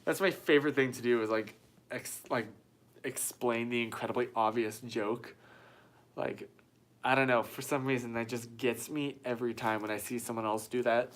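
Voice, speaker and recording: A man hosting a casual live stream from a small white-walled room, chatty and self-mocking, reading viewer comments aloud into a phone. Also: mid-range voice.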